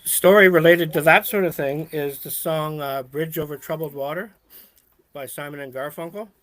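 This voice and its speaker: A man's voice: fairly high pitch, steady tone, moderate pace, a bit bright. A man in casual chat with friends, telling a rambling story with lots of fillers. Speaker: show co-host.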